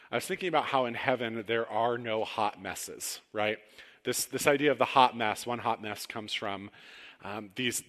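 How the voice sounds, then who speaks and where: A man preaching a conversational sermon in a church sanctuary, telling personal stories with relaxed, self-deprecating humor. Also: mid-range voice. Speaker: pastor. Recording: long hall reverb.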